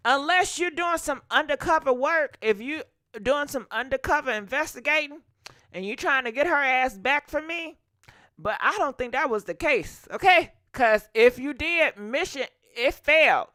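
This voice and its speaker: Woman, gossip host, high bright voice, sassy and opinionated, dry close sound. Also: expressive, normal speed, no room sound. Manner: sassy, opinionated, talks straight to viewers. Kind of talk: casual gossip commentary.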